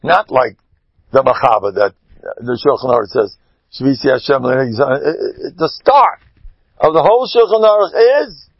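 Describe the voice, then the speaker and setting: A man speaking as a rabbi in an animated Torah talk, emphatic, swinging between loud exclamations and low asides. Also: moderate pace, creaky, breathy edge, no room sound, lo-fi sound.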